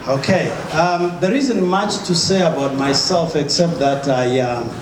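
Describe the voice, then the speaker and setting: In a large hall before a live audience, a man with a slightly high voice delivers a motivational talk at a measured pace, speaking emphatically and often putting questions to the crowd. The recording echoes and carries noise.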